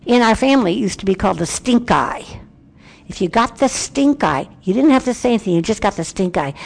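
A woman giving a candid, self-reflective Christian devotional talk with a brisk, emphatic delivery. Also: mid-range voice, a little mellow. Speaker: Christian speaker.

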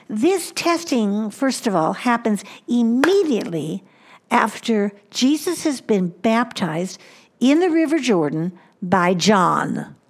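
A woman preaching a sermon, slowing down and dropping to a hushed voice on key points. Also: a little high. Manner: slows down for emphasis, drops to a hushed voice on key points.

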